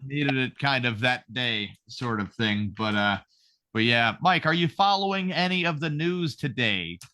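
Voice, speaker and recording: Profane, lively young man podcast host. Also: medium pitch, moderate pace. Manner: profane, animated storyteller. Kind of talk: casual podcast banter.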